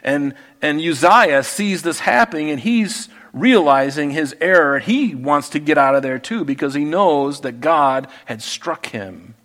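A man preaching a verse-by-verse Bible study, reading passages aloud and explaining them with lively emphasis and quieter asides. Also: on the high side, measured pace, few pauses. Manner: animated, swings between loud emphasis and quiet asides. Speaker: pastor. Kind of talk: expository Bible teaching.

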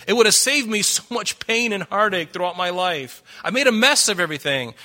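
Bright-voiced earnest male preacher. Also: sits high, lively intonation, fairly quick. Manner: earnest, pleading, rising emphasis. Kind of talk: sermon.

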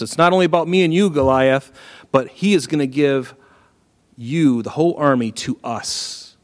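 Animated male preacher in a reverberant hall. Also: fairly high pitch, normal speed. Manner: animated storytelling, emphatic repetition, chuckles. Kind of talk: sermon, Bible exposition. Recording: echoey hall.

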